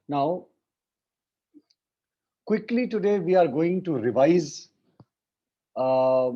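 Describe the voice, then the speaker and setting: A man's voice: a little high, mellow. A man with an Indian English accent teaching an online French class, patiently correcting pronunciation by repeating words. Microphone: video call. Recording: muffled lo-fi video call audio.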